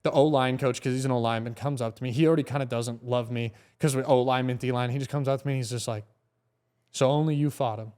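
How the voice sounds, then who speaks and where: A young comedian tells a story on a podcast in a lively, profane, casual way. His talk is full of fillers and restarts. He speaks at a middle pitch. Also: racing, few pauses, smooth. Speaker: comedian guest.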